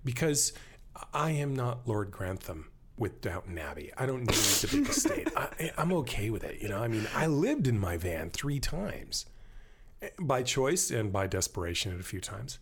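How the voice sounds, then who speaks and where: A man talking in a casual podcast conversation, animated and rambling, joking as he tells stories. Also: medium pitch, moderate pace, husky. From born in Germany to American parents. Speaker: podcast guest.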